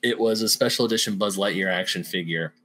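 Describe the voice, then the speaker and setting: A young man with a fairly low voice, chatting casually as a podcast co-host. He retells favorite scenes animatedly and slips into playful voices for quoted lines. A faint background hum runs under his talk. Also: fast, sharp tone. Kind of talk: casual chat.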